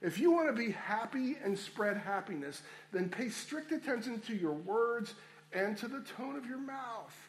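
High-voiced man preaching a sermon. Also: animated, moderate pace. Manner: emphatic, repeats key phrases, addresses listeners as friends. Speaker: pastor.

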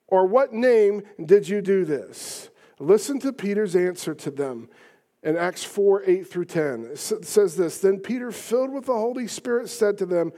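Pastor, male, high-pitched, emphatic sermon delivery with rising rhetorical peaks. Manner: emphatic, rhetorical questions, rising to near shouts.

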